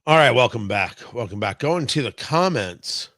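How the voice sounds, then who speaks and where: Lively, sarcastic male talk show host. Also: medium pitch, normal speed. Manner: sarcastic, bantering with commenters; rambling, many restarts and fillers. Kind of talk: casual live show, reading viewer comments.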